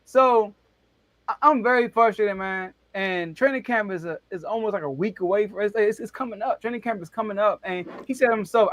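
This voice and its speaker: With no echo on the recording, a high-voiced man hosts a casual sports debate show, speaking a little fast and telling stories in an animated, excitable way full of big vocal jumps.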